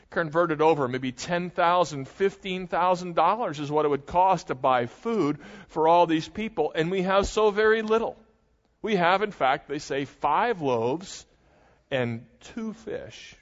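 A man preaches an explanatory sermon in a conversational way, slipping in dry asides. His voice sits a little high and the sound is dull, with long reverb trailing through a large church hall. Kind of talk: expository sermon.

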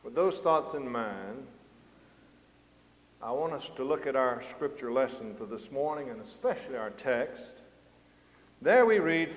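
An older man preaching a sermon, with an emphatic delivery that rises and falls. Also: fairly high pitch. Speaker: pastor. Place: church sanctuary. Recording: roomy hall sound, muffled lo-fi.

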